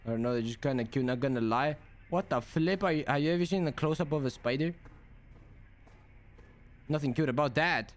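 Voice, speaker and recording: A man's voice: mid-range voice, a little fast. A young man commenting on a game he is playing, jumpy, cursing and talking to himself. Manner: jumpy, swears, talks to himself. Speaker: gameplay streamer. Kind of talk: let's play commentary.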